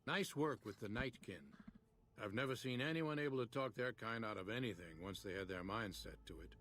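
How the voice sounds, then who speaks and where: An actor playing a calm, methodical male scientist in a video game, speaking in a measured, clinical way. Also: medium pitch, a little hiss or hum, lightly acted.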